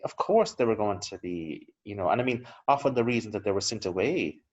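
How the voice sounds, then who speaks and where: A man speaking as a local historian guest in a relaxed interview, talking at length and chuckling between his points. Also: on the low side, brisk, husky. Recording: slightly dull lo-fi recording.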